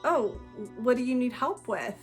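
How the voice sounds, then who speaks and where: A woman's voice: a little high, sing-song, unhurried, faint music behind. A woman reading out the lines of a confused adult partner who keeps apologizing, in a hesitant, pleading tone with stammered restarts.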